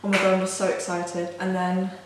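A woman's voice: lowish voice, brisk. Gushing young woman in an echoey room. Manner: excitable and gushing, many "like" fillers. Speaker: vlogger. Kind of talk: casual unboxing vlog. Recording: very echoey room, faint hiss.

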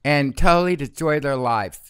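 A man's voice: fairly high pitch, moderate pace, fairly bright tone, clean tone, no echo, clean studio sound. Brash, campy middle-aged man. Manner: brash, profane and campy, with frequent laughter. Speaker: guest. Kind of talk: casual storytelling.

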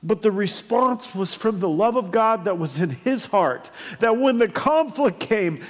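A high-voiced male pastor delivers a sermon at an unhurried pace, telling stories and breaking into sudden loud bursts. His voice rings with a long reverb through a church hall. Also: lively intonation.

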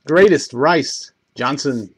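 A man's voice: mid-range voice, background noise. Man rattling off trading card pulls. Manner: rapid list-reading, stumbles over names; bursts of excitement on big pulls. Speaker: card break host. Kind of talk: live card break play-by-play.

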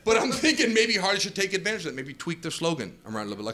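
A male stand-up comedian who tells his jokes in an animated way and acts out customers and counter workers, on a comedy club stage. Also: sits high, very fast. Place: comedy club stage before a laughing crowd. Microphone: handheld stage mic. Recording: live club audience laughter.

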